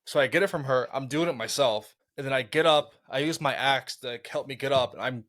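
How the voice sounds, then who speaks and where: A man of ordinary pitch tells a story in casual podcast chat. He stumbles and restarts his words as he goes. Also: fairly quick, a bit bright. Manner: rambling, stammering restarts. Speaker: podcast co-host.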